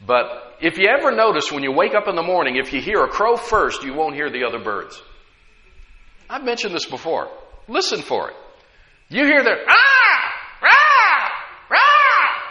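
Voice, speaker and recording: A man's voice: a little high, big pitch swings, moderate pace, pushed and bright, highs cut off. A man preaching a sermon to a congregation, often asking them to respond. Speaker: pastor. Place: church sanctuary. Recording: echoey hall with long reverb.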